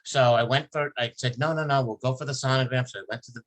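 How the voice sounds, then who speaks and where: A man hosting a casual podcast chat, telling an emotional personal story. His pitch sits in the ordinary middle for a man, and he rambles and restarts as he goes. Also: steady tone, fast, a bit bright. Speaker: podcast host.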